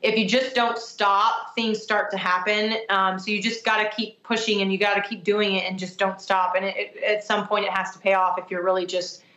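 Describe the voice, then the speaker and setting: A woman's voice: mid-range voice, level tone, fairly quick, few pauses, sharp tone. Woman, podcast guest, earnest, lots of ums, roomy echo. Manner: earnest, heavy with fillers. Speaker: guest musician. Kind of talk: casual interview answer.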